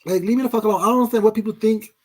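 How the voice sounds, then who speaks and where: A man's voice: high voice, fairly even intonation, racing. A man vlogger ranting to camera in a profane, confrontational, combative way. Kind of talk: casual rant to camera.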